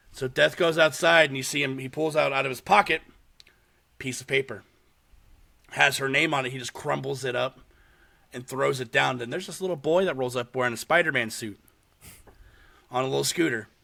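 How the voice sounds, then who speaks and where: Gravelly, bright-voiced male podcast host. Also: a little high. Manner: animated storytelling with frequent swearing and laughs. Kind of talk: casual chat recapping a horror short.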